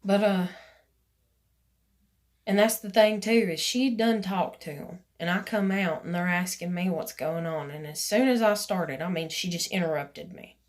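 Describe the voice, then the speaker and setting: A woman's voice: on the low side, normal speed. A woman, casually telling a personal story in a rambling vlog, full of "you know" and "like", acting out what others said. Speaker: vlogger.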